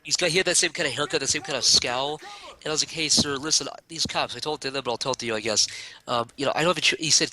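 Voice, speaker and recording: A man's voice: fairly high pitch, fast, pushed and bright, slight background noise. A young man casually telling a long, exasperated story to a friend, rambling and acting out the people in it. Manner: rambling, exasperated anecdote with acted quotes. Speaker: streamer.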